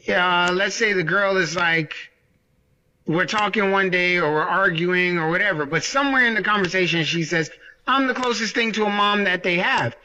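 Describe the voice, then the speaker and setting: A man's voice: sits high, bright, forceful tone, lo-fi sound. A man talking casually in a vlog, repeating his points and tagging lines with "right?". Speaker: vlogger. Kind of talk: casual monologue to camera. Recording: roomy echo.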